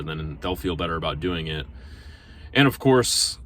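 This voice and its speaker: Low-voiced man rambling from his car. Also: moderate pace, fairly bright tone, slight background noise. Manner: rambling, self-conscious, many fillers and restarts. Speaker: restaurant server. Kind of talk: casual storytelling vlog. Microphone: phone held in front of him.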